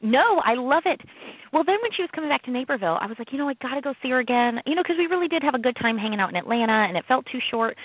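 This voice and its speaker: A woman co-hosting a casual radio chat, telling a story in an animated way and acting out quoted voices. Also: sits high, very fast, slightly rough, no room sound. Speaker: co-host, comedian. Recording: tinny phone-like radio sound.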